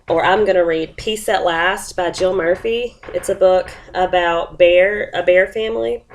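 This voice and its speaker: Sniffly woman reading aloud. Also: mid-range voice. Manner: reads story slowly with expressive character voices and sound effects. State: sniffly from a cold. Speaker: teacher presenting a lesson plan. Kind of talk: explaining a lesson and reading a picture book aloud.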